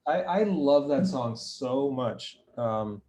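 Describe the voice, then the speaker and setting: A man's voice: medium pitch, animated, slow, warm tone. A man co-hosting a podcast, chatting enthusiastically about favorite songs, with plenty of ums and restarts. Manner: enthusiastic, hesitant with many ums. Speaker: podcast co-host, musician. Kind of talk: casual chat about music.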